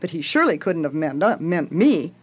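A woman's voice: deep voice, big pitch swings, a little fast, slightly rough, exaggerated voice. A woman voicing a small, determined mother who talks sweetly but insists on her point. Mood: fretting.

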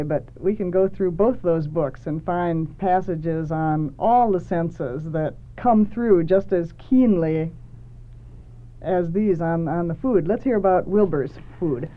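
A woman's voice: on the low side, slow pace. A woman hosting a talk about books, speaking in a thoughtful, earnest way, over a tinny phone-like line. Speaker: host.

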